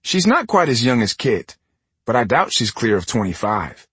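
A man narrating a first-person audiobook in an expressive way, giving each character a voice. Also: medium pitch, moderate pace, slightly rough, no room sound.

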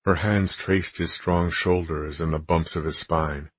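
An audiobook narrator with a very deep, husky voice reads a romance novel as scripted narration, steady and measured. The sound is dry and close, with no room sound or echo.

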